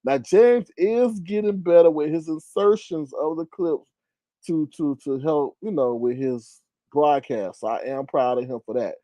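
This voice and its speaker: A man's voice: on the high side, unhurried, dark tone, dry recording. A man hosting a live stream, chatting casually with his viewers as he reads comments aloud, exclaiming and laughing often. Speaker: live stream host reading chat.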